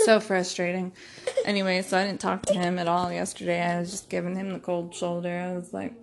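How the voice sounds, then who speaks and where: A woman's voice: fairly low pitch, fairly even intonation, moderate pace, vocal fry, pauses often, a little mellow. A young woman hosting a solo podcast, chatting casually and rambling with laughs as she tells stories about her day as a stay-at-home mom. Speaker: podcast host.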